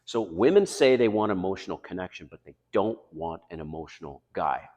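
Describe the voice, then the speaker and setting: Deep-voiced man giving blunt dating advice. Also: very animated, normal speed, hardly any pauses, big-room sound. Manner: blunt, confessional, swings between loud emphasis and quiet asides. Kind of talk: casual monologue to camera.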